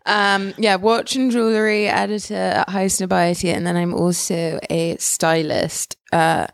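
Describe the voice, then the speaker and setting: A woman's voice: medium pitch, steady tone, measured pace, vocal fry, dry recording, studio quality. A young woman co-hosting a casual podcast, chatting with lots of fillers and frequent laughter. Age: young adult. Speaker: podcast co-host, watch and jewelry editor. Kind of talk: casual chat.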